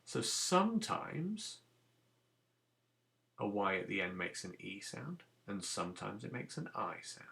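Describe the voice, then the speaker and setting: A man teaches young children phonics in a recorded lesson. His low, gravelly voice moves slowly, rising and falling in a lively, sing-song way as he patiently sounds out each letter. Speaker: primary school teacher.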